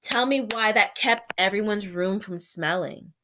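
Young woman, chatty vlogger, sick with covid, mid-pitch, casual story with lots of "like". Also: unhurried, background noise. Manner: chatty, heavy use of "like", acts out her own reactions. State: sick with covid and an ear infection.

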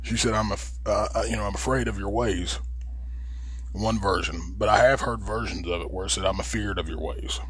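A man's voice: on the low side, steady tone, moderate pace, fairly bright tone, breathy edge. A man with an Appalachian accent hosting a podcast, talking in a casual, rambling and blunt way and swearing freely. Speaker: podcast host. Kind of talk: casual monologue.

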